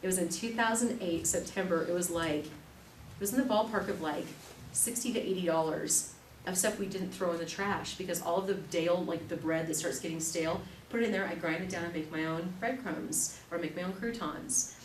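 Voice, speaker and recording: A woman in her thirties leads a live cooking class, telling lively stories and laughing along. Her voice sits a little low, and it is picked up from a distance in a reverberant room with faint noise behind. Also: brisk. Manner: chatty, animated storytelling with laughter. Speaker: class instructor.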